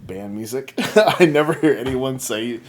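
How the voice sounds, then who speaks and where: A man's voice: mid-range voice, expressive, unhurried. A man hosting a podcast, chatting casually with friends, often laughing and restarting his sentences. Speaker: podcast host. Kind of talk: casual chat.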